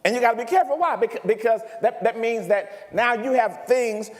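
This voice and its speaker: A man preaching a sermon as pastor, animated and often checking in with the congregation. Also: extremely high pitch, a little fast. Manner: animated preaching, asks the congregation if he makes sense. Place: church sanctuary. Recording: reverberant church hall.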